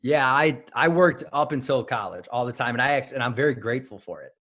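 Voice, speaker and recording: Male guest, wrestling coach from Illinois, rambling storyteller, mid pitch. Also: lively intonation, brisk, a bit bright. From Illinois, United States. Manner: rambling, self-correcting storyteller. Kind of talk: casual interview.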